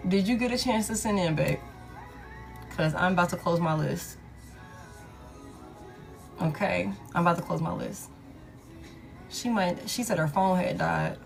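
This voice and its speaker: A woman's voice: on the low side, measured pace, vocal fry, pauses often, faint music behind. A woman giving a live tarot reading, talking casually and profanely to her viewers. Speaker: tarot reader.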